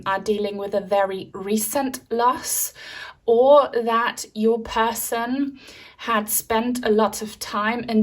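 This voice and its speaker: A woman giving a pick-a-card tarot reading in a gentle, soothing way, a little out of breath. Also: mid-range voice. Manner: gentle, soothing, open-hearted delivery. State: slightly out of breath. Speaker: tarot reader.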